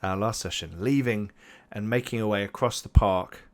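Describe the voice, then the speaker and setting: A man's voice: on the low side, moderate pace. A man narrating a tabletop game as game master, rambling with many fillers.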